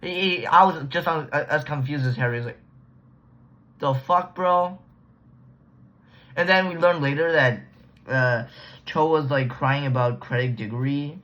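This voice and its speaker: A man's voice: on the high side, moderate pace, a bit bright. Rambling slangy guy recapping a book. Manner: slangy, restarts often, trails off. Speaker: book reviewer. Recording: dull lo-fi recording.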